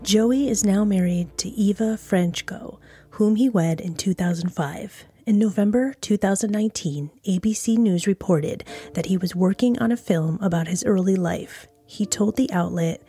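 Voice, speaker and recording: A woman's voice: medium pitch, normal speed, dark tone. A woman hosting a true crime podcast, reading a scripted narration with frank, blunt, conversational asides. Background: music.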